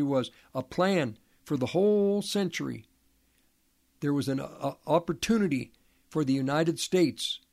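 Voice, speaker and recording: In this preaching monologue, the man's voice is a little high with a somewhat dark tone. His delivery is halting, full of repeated and restarted words, and he leans on pointed rhetorical questions to push his message.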